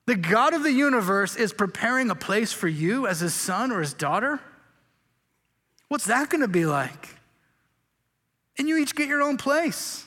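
A man's voice: high-pitched, animated, a little slow, sharp tone. A man preaching a sermon as pastor, joking and casual, stumbling over words and restarting often. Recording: long hall reverb.

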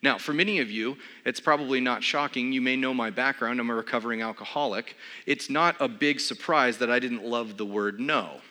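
A man's voice: medium pitch, brisk, hardly any pauses, bright, forceful tone. A man preaching a sermon, telling a humorous, self-deprecating story with comic timing. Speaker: pastor. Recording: long reverb of a large hall.

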